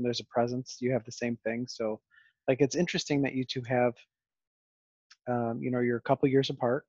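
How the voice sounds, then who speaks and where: Podcast host guy, halting, restarts a lot, dry sarcastic tone, dull lo-fi sound. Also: medium pitch, darkish tone, no echo. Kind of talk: casual conversation.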